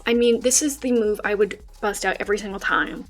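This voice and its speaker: A young woman streamer telling a casual story, animated and swearing freely. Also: mid-range voice, a little fast.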